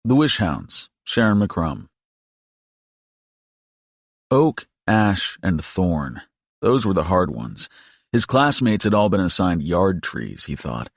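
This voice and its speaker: A man narrating an audiobook in a steady, measured storytelling voice. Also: low-pitched, vocal fry, no echo, studio quality. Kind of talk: scripted narration.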